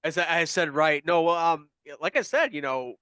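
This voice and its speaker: A man's voice: a little high, animated, moderate pace, sharp tone, clean tone, dry recording. A man hosting a casual podcast chat, rambling and restarting as he chimes in.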